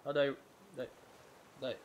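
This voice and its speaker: A man's voice: quick pace, highs cut off, slight background noise. A tired man giving rambling gameplay commentary, often restarting his sentences and swearing casually. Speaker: gamer.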